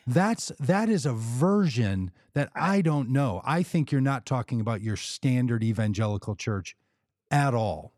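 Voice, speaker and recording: A man's voice: mid-range voice, lively intonation, unhurried, a little mellow, no room sound, studio quality. A man co-hosting a political podcast, arguing his point in casual conversation and acting out quoted people in mock voices. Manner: argumentative, acts out quoted speakers in mock voices. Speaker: podcast co-host.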